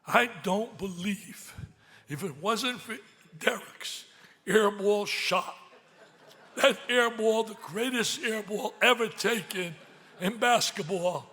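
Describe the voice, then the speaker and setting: An older man giving an emotional gala speech, swinging from loud excitement to hushed pleading, at a podium microphone in a large banquet hall. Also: high voice, takes it slowly. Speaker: speaker at a charity gala.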